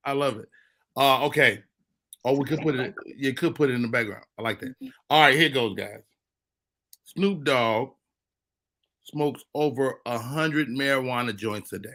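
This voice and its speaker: A bright, forward male voice running a live comedy show. He teases his co-hosts in casual banter. Every so often he bursts into loud, excited shouts. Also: medium pitch, normal speed, long pauses. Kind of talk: loose live comedy chat.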